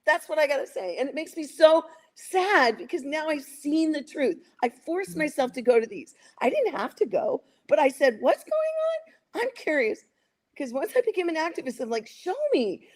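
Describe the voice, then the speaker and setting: A woman in her sixties speaking as a guest on a talk show, emotional and indignant, sometimes acting out quoted voices. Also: sits high. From United States. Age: 60s. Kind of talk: impassioned talk-show commentary.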